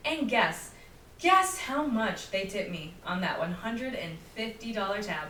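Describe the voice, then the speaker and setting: A young adult woman hosting a solo podcast, telling a story in an animated, chatty way and acting out what people said. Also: mid-range voice, normal speed. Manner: animated, chatty, acts out quotes. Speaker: podcast host. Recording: roomy, slightly distant mic with faint noise.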